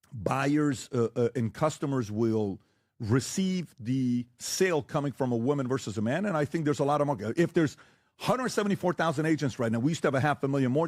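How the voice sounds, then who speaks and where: A man debating on a talk show, who lectures forcefully and keeps firing rhetorical questions and blunt warnings. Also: mid-range voice, no room sound, studio quality. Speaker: podcast guest debating the host. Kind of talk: heated debate.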